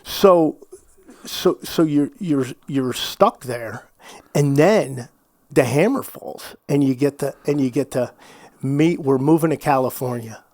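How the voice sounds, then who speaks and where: A middle-aged man recounting his youth in a candid interview, animated, often restarting his phrases and slipping into quoted asides. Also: fairly high pitch, takes it slowly, dry recording, studio quality. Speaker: podcast guest.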